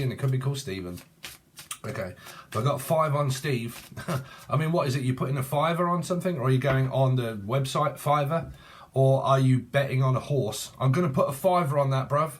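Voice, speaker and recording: A man's voice: mid-range voice, moderate pace, slight background noise. A man giving a rambling, playful tarot reading, free-associating and laughing often. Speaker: tarot reader.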